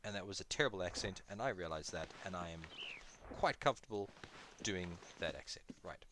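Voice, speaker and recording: A man's voice: deep voice, lively intonation, brisk, noisy background. A man chatting casually through his gameplay, joking at himself and talking to the creatures he fights. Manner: chatty, self-deprecating, talks to the game's creatures. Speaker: gaming video host.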